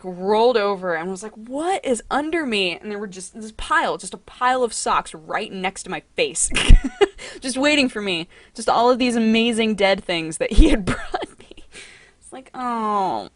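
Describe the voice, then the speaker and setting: A young woman hosting a casual livestream from home. She talks in a chatty, excitable way and coos to her cat. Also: medium pitch, no echo. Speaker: livestream host.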